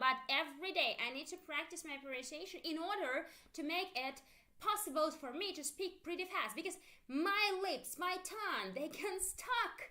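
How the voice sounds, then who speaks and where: A woman with a Russian accent leads a live-streamed English lesson in a bright, forward voice pitched somewhat high. She says drill phrases slowly so learners can repeat them. Between drills she explains at length, often restarting her sentences. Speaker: English teacher.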